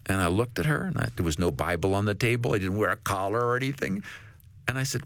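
A man, a guest author on a faith talk show, telling a story in an animated way. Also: on the low side, fast talker, no room sound.

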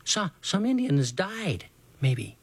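A man voicing a chubby, eager boy who talks in a hushed, urgent way. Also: sits high, big pitch swings, slow, husky, no room sound, heavily acted. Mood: hushed excited.

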